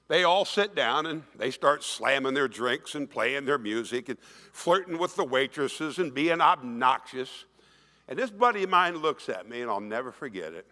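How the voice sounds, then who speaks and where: A man in his sixties giving an emphatic keynote speech, telling stories to an audience in a conference hall. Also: fairly high pitch. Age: 60s. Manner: animated, emphatic storytelling, acts out quoted voices. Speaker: keynote speaker. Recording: long reverb of a large hall.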